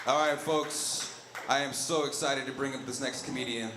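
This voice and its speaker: A man emceeing a comedy show, warmly introducing the next comic and building the crowd up to shouted cheers. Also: medium pitch, steady tone, normal speed. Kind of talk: hyping up the next act. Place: studio stage before a live audience. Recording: roomy live room with crowd and faint hiss.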